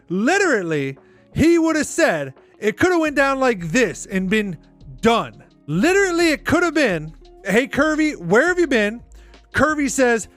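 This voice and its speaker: A man's voice: high-pitched, fairly bright tone. A man hosting a podcast, giving rambling, exasperated commentary full of "like". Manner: rambling, exasperated, heavy use of "like". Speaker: podcast host. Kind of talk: casual reaction commentary.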